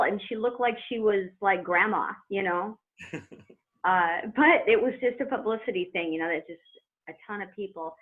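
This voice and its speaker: A woman's voice: mid-range voice, normal speed. Chatty middle-aged woman over a phone line. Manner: chatty, animated storyteller who laughs as she talks. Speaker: guest, former wrestler. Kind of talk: telling a story in an interview.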